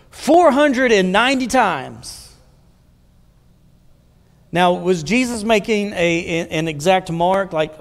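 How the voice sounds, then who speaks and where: Pastor, male, high-pitched, preaching conversationally with questions to the room, long church-hall echo. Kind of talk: sermon. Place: church sanctuary.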